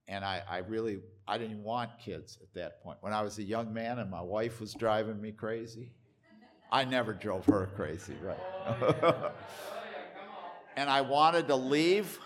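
An older man with a fairly low voice preaches a sermon as a church pastor. He is emphatic and repetitive, swinging between loud, stressed lines and hushed asides.

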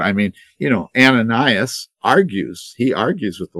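An older male pastor, around seventy, preaching with a low voice. His storytelling is earnest and full of restarts and repeated words. The recording is close and dry. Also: animated, moderate pace, few pauses, a bit bright, no room sound. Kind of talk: sermon.

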